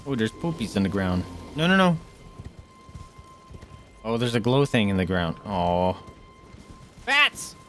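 A man streaming a video game, reacting loudly and excitably: he yelps and squeals at enemies, coos at animals in baby-talk, and drops to a hush when sneaking. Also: fairly low pitch, unhurried, pauses often, faint music behind. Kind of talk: live gameplay commentary.

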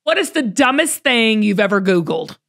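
A woman's voice: on the high side, big pitch swings, moderate pace, a bit bright. A woman with a Southern US accent hosting a casual interview, playful and teasing, laughing often. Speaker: podcast host.

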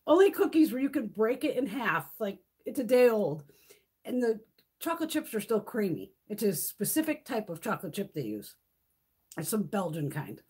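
A middle-aged woman hosting a beauty livestream, chatting casually and telling animated stories, swearing freely. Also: mid-range voice, moderate pace, husky.

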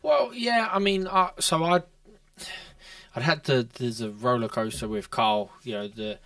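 A former boxer, co-hosting a casual podcast and reflecting in runs of short clauses. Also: male voice, mid-range voice, a little slow, fairly bright tone, no echo, distant mic.

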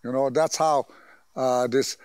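An older man, a medicine man, giving a slow, halting, earnest spoken message outdoors in open country. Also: medium pitch, steady tone, a little mellow, clear, resonant tone, no room sound. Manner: slow, halting, earnest speech with many pauses.

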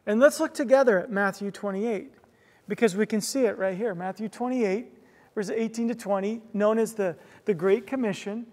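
A male pastor preaching a sermon, telling a story earnestly with frequent restarts and quick "right?" asides. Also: high-pitched, a little mellow. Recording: long reverb of a large hall.

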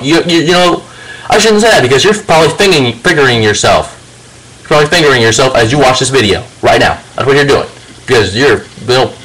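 A man's voice: mid-range voice, a bit bright, poor audio. A man delivering an angry, profanity-filled rant to camera, confronting a rival directly. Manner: confrontational, swears heavily, addresses a rival directly. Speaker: video channel host.

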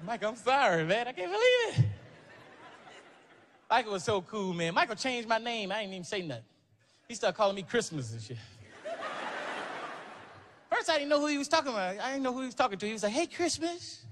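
A man doing stand-up storytelling, animated and profane, full of exclamations. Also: high-pitched, fast talker, long pauses. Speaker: stand-up comedian. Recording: noisy live stand-up recording.

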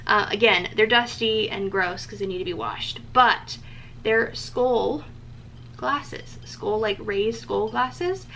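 A woman's voice: fairly high pitch, pushed and bright, slight background noise. A young woman vlogger chatting casually about gifts she picked, with lots of ums and likes and eager enthusiasm. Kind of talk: casual gift show-and-tell.

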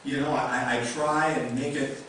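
A man's voice: mid-range voice, steady tone, moderate pace, fairly bright tone, a little hiss or hum. A male pastor preaching a sermon in a conversational way, with many rhetorical questions. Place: church sanctuary. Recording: echoey room mic from a distance.

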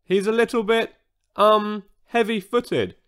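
A man's voice: sits high, fairly even intonation, takes it slowly, fairly bright tone, clean tone, pitched above the performer's own voice. A man voicing a kind, motherly female iguanodon in a children's storybook. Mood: kindly. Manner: kind, coaxing.

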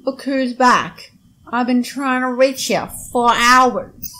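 A woman's voice: on the high side, slow pace, sharp tone, low-quality recording. A woman putting on an accent to read a friendly chat partner's messages aloud in a game. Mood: chatty.

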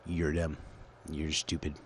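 A man's voice: a bass voice, monotone, measured pace, a little hiss or hum. A man hosting his own show, rambling through a crude, profane, absurd monologue into a computer call setup. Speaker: solo show host.

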